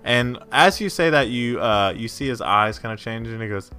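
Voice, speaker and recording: A man's voice: medium pitch, lively intonation, normal speed, pushed and bright, soft background music. A man narrating a tabletop game as game master, casual, with frequent "like" fillers.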